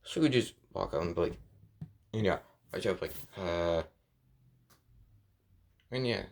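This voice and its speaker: Man, low-ish voice, loose rambling storyteller, heavy on fillers. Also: fast, gravelly. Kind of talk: improvised fan story retelling.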